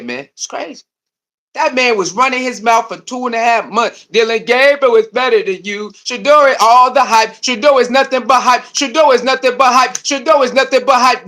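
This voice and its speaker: A man giving heated, repetitive live-stream commentary, laughing and mocking as he talks. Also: very high voice. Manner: animated, repetitive, laughing, slangy. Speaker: streamer reacting to a video.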